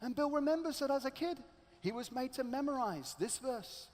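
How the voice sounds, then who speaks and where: A preacher tells a story from the pulpit, his pitch swinging widely as he dramatizes every turn. His voice rings through a large hall with a long, echoing tail behind each phrase. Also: normal speed. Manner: dramatic, animated storyteller acting out characters. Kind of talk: storytelling sermon.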